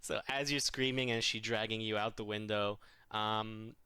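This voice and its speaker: A man's voice: fairly low pitch, steady tone, normal speed, pushed and bright, clear, resonant tone, no echo. A man narrating a tabletop game as game master, rambling with lots of fillers and frequent laughs.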